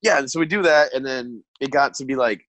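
A man's voice: medium pitch, brisk, a bit bright, no echo, poor audio. Hungover man telling a rambling story. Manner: rambling, profane, laughing often. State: hungover, hiccuping. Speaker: podcast co-host. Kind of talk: casual comedic storytelling.

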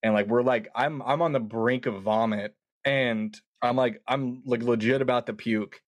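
A man casually telling a long story, animated and quoting himself often with words like "dude". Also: medium pitch, moderate pace, dry recording. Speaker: podcast guest.

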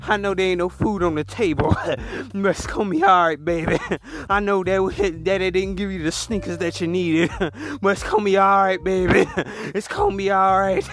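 High-voiced man preaching with rising shouts. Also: normal speed, few pauses. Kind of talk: impassioned sermon.

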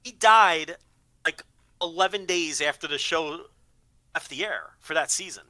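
Male co-host, slightly high, bright tone, loose rambling delivery. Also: a little slow, no room sound. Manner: rambling, repeats words while thinking. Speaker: podcast co-host. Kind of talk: casual chat.

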